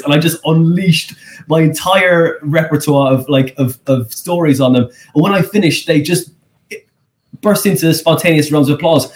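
An Irish man, a comedian and guest, telling rambling, animated stories in a casual podcast interview. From Ireland. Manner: animated, rambling storyteller with pitch leaps.

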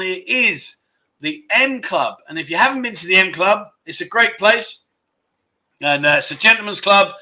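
A man hosting a livestream, reading viewer comments aloud and reacting with loud, jokey exclamations. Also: a little high. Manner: excitable, jokey, exclaiming loudly. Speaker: livestream host.

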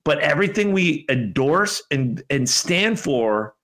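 A man's voice: a little high, very animated, unhurried, a bit bright. A man hosting a podcast, rambling and exasperated in casual chat. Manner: rambling, exasperated, full of fillers. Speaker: podcast host.

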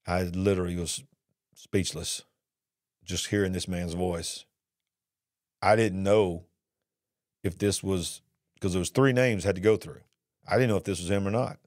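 Very deep-voiced man telling his story. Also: darkish tone, no echo, clean studio sound. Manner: earnest, drawn-out emotional retelling. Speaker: speaker sharing his life story. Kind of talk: personal testimony storytelling.

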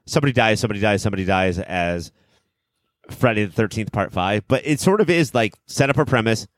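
A man hosting a casual movie podcast, talking in quick bursts with lots of fillers. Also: lowish voice, no room sound, clean studio sound. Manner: animated, talks in quick bursts with many fillers. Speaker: podcast host.

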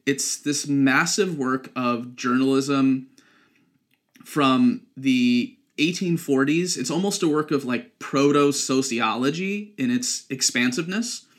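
A man's voice: medium pitch, slow pace. A young man hosting a podcast, explaining literary details in a casual, chatty way with frequent ums and likes. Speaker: podcast host.

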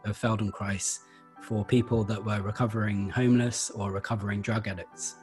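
A man explaining Feldenkrais practice in a relaxed interview, thoughtful and hesitant, with many fillers. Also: lowish voice, normal speed, soft background music. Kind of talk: conversational interview.

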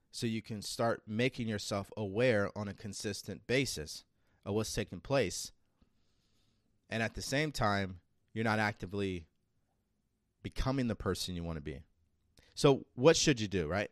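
A man's voice: on the low side, no room sound, clean studio sound. A man hosting a self-improvement show, giving an emphatic motivational monologue full of rhetorical questions. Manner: acts out a nagging inner voice. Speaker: self-improvement podcast host.

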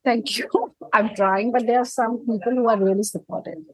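A woman's voice: fairly high pitch, steady tone, moderate pace, a little mellow, slightly rough, dry recording, poor audio. A woman, a company founder speaking earnestly and persuasively as a guest in a podcast interview. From India.

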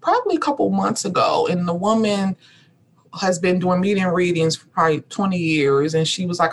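A woman's voice: lowish voice, expressive, a little fast. Earnest woman speaking in rhythmic refrains. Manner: earnest, repetitive rhythmic phrasing. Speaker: guest, rest activist. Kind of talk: reflective spiritual conversation.

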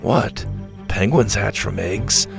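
A man voicing a deadpan young boy in a storybook who speaks in a flat monotone. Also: on the low side, takes it slowly, gravelly, over music, voice pushed down, exaggerated voice.

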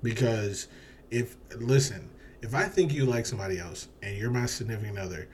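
A man's voice: lowish voice, moderate pace, a little mellow, a little hiss or hum. A man in casual conversation, talking bluntly with strong opinions and casual swearing. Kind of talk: casual chat.

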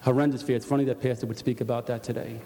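A man's voice: mid-range voice, level tone, very fast, mellow, a little hiss or hum. An older man with a New York accent giving an earnest spoken testimony to a congregation, full of restarts. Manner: earnest storytelling with repeated restarts. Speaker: church member giving testimony. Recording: long church hall reverb.

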